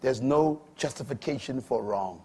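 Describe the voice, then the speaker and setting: An older man preaching a sermon in a husky voice, swinging between quiet storytelling and loud, emphatic declarations. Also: medium pitch, moderate pace, slight background noise.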